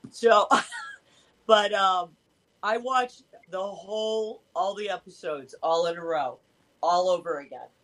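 A woman's voice: mid-range voice, takes it slowly, fairly bright tone, rough recording. A woman in her fifties chatting in a rambling way over a video call. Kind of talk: casual chat.

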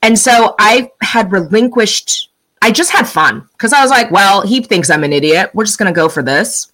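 A middle-aged woman chatting casually as a podcast guest. She tells stories with energy and jumps into playful voices for the people she quotes. Her voice sits at a middle pitch. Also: moderate pace, rough recording. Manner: animated storyteller, acts out quoted lines. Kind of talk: casual chat.

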